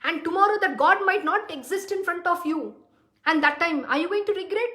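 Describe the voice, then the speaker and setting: A woman's voice: very high-pitched, animated, a little fast, pushed and bright. A woman giving a devotional talk as a spiritual teacher, blunt and direct, posing rhetorical questions to her listeners. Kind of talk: devotional discourse. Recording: roomy echo.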